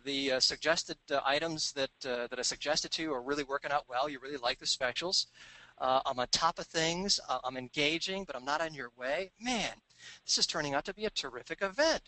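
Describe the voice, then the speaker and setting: Guy giving a business talk, acts out conversations, slightly high voice, bright. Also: no room sound, low-quality recording. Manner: storytelling, acting out dialogue in quick voices. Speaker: business speaker. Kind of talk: recorded seminar talk.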